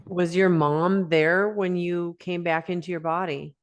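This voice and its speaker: A woman hosting an interview over a video call, reacting warmly and asking questions in a chatty way. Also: on the low side, steady tone, measured pace, highs cut off. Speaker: interview host.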